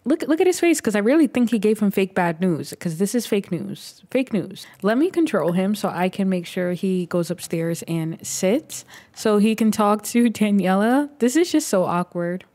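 A woman giving excitable, chatty let's play commentary as she plays a life-simulation game, narrating each move. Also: mid-range voice, normal speed, no room sound. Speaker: gaming YouTuber.

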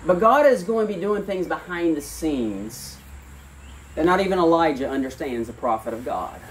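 A pastor giving a sermon outdoors, reading scripture aloud and then talking in a plain, earnest way with fillers and restarts. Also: male voice, fairly high pitch, lively intonation, normal speed, recorded from a distance, a little hiss or hum. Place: outdoor church service.

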